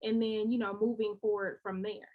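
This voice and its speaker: A woman's voice: mid-range voice, level tone, normal speed, phone-quality sound. A woman co-hosting a podcast in casual chat, reflective and coaching, posing rhetorical questions. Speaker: podcast co-host.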